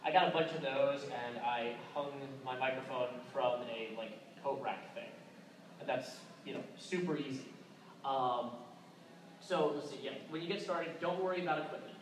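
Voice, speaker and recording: A man's voice: mid-range voice, moderate pace. Chatty man in an echoey hall. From Tennessee, USA. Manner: loose and chatty, many filler "uh"s and restarts. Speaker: convention panel speaker. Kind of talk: casual presentation. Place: convention talk room. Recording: echoey room recorded from far off, background noise.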